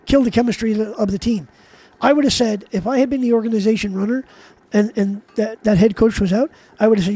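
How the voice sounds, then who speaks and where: A man's voice: sits high, fairly even intonation, fast talker, warm tone. A man streaming live, ranting in a heated, profane, rambling way to his chat. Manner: rambling with frequent restarts. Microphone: desk mic while gaming.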